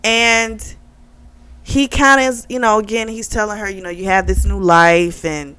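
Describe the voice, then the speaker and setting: A woman's voice: medium pitch, moderate pace, fairly bright tone, smooth, no room sound. A woman casually recapping a novel's plot, talking through the characters' lines with lots of fillers. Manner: chatty, retells with quoted dialogue and many fillers. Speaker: book club vlogger.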